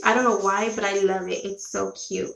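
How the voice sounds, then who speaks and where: A woman's voice: medium pitch, flat delivery, normal speed, vocal fry, fairly bright tone, echoey room, rough recording. A woman with children chatting casually to live viewers as she shows off a shopping haul, rambling and correcting herself as she goes. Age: adult with children. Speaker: vlogger showing a shopping haul.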